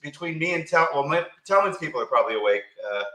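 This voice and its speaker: A man co-hosting a live-stream talk show, loud, rambling and joking from a small room. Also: fairly high pitch, animated, quick pace. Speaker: co-host. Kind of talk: casual live-stream chat. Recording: echoey room.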